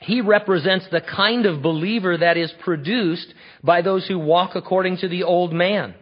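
A man preaching a sermon in an animated, conversational, emphatic way. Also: high-pitched, moderate pace, husky. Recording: dull lo-fi recording.

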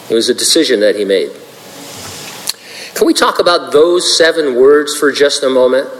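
A man's voice: mid-range voice, animated, moderate pace. Pastor guy teaching scripture, dry little jokes, voice ringing in a big hall. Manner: dry humor, asides, earnest. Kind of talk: verse-by-verse sermon. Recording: long hall reverb.

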